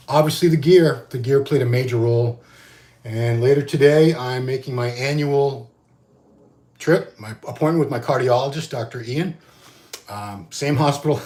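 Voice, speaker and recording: A bodybuilding magazine host in his 50s talks casually on his solo vlog, wandering off topic and often restarting or using fillers. The voice is medium-pitched with a darkish tone.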